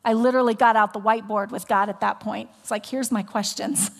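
A woman pastor preaching a sermon, telling a story with animation and dropping into soft, whispered appeals. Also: medium pitch, fairly even intonation, quick pace, vocal fry, big-room sound. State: recovering from voice loss.

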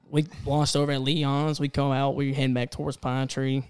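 A man's voice: medium pitch, fast, few pauses. A young man telling a rowdy story among friends, swearing freely and acting out what others said. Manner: animated, swearing, acts out the voices of others.

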